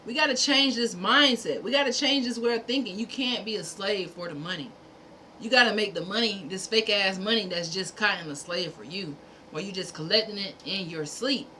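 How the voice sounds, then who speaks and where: A woman's voice: mid-range voice, fairly quick, pushed and bright, slight background noise. A woman hosting a livestream, delivering a fervent, preachy monologue in repeated punchy phrases, sometimes profane. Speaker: livestream host.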